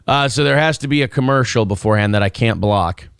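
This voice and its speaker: A man's voice: mid-range voice, fast talker, creaky, heavy background noise. A man hosting a streamed morning talk show, riffing sarcastically and laughing often.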